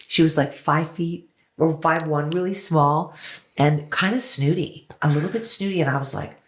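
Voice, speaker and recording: A woman's voice: low voice, normal speed. An effusive woman singer chats as a guest on an interview show. She tells her stories with big enthusiasm and swears freely along the way. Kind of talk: casual interview chat.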